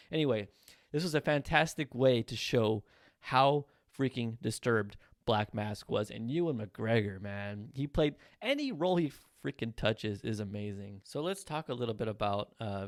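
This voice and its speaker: A young man hosting a solo movie review podcast, talking in an animated, blunt way and swearing freely. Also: fairly low pitch, no echo, clean studio sound. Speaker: podcast host.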